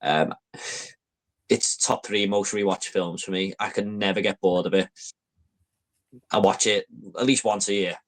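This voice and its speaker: A man's voice: deep voice, steady tone, a little slow, long pauses. Male host, eager, rambling, conversational podcast delivery. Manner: enthusiastic, rambling with fillers. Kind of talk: casual chat.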